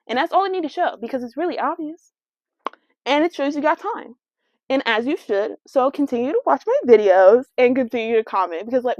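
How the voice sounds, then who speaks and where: A young adult woman hosting a casual solo podcast, talking in a brash, sassy, slangy and animated way. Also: high-pitched, dry recording. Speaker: podcast host. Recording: dry, dull lo-fi sound.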